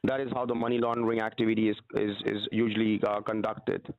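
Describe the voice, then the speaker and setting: A man's voice: fairly low pitch, little pitch movement, fast talker, no room sound. A man on a phone call who keeps insisting and reassuring, repeating himself to take control of the conversation. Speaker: phone scammer. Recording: tinny phone line.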